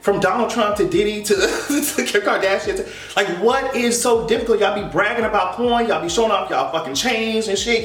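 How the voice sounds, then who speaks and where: A man giving sassy, animated pop culture commentary, swearing freely and laughing often. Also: sits high. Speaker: vlogger. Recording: echoey room, mic at a distance.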